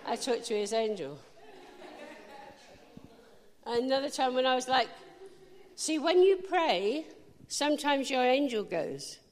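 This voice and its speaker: A woman with a fairly high voice preaches a sermon full of anecdotes. Her delivery is lively, with quick asides to the listeners. Her voice carries with a long reverb through a large meeting hall.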